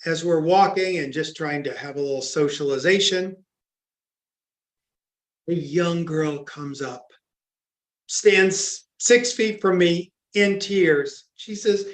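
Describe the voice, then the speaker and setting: A man's voice: fairly high pitch, takes it slowly. A man giving a recorded training talk on grief, earnest and emphatic as he tells stories. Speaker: grief educator. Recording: echoey room.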